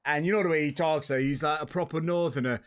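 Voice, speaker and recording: An Irish man hosting a casual livestream, chatting and reading out donations with quick laughs. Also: a little high. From Ireland. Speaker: host.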